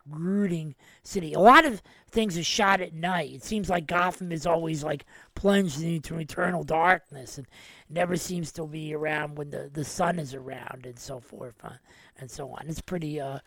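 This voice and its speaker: A man's voice: on the high side, vocal fry, a bit bright, no echo. A man hosting a podcast, giving a casual and enthusiastic film review and retelling scenes at length. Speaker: podcast host.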